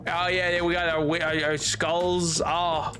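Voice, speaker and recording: A man's voice: fairly high pitch, little pitch movement, a little slow, music in the background. A man streaming a game and chatting casually with his viewers, rambling and often restarting his sentences. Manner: rambling, frequent restarts and stammers. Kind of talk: casual chat with stream chat while gaming. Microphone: headphones on while streaming.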